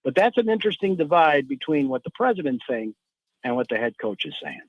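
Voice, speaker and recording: A man's voice: on the high side, very animated, brisk, no room sound, highs cut off. A man giving football analysis as a guest on a sports talk radio show, rambling and restarting often.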